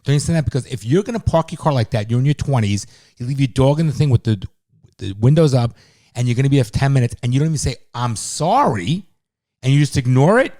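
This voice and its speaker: A man's voice: mid-range voice, lively intonation, fast talker, warm tone. A middle-aged father co-hosting a podcast, talking in a blunt, heated way and swearing often in casual chat.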